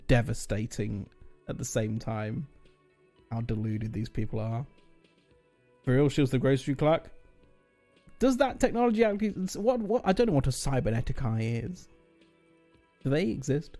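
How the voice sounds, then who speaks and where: A man's voice: mid-range voice, warm tone. A man streaming a game, chatting casually with joking, rambling asides. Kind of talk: casual gaming commentary.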